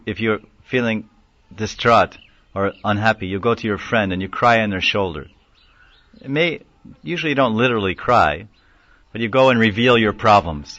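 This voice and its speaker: Man with a lowish voice giving a chatty scripture talk, dull dry recording. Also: fairly bright tone, no echo. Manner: conversational, acts out quoted voices, chuckles. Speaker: lecturer on scripture. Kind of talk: devotional lecture.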